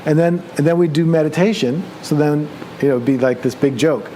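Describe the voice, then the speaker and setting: A male meditation teacher telling a personal story during a retreat talk, conversational and animated as he acts out his own excited thoughts. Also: on the high side, brisk, slight background noise. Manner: relaxed, conversational, with many fillers.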